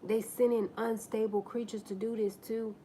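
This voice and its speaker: A woman hosting a livestream, telling a personal story to her viewers in a candid, profane, animated way. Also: fairly high pitch, moderate pace, slight background noise. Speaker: livestream host.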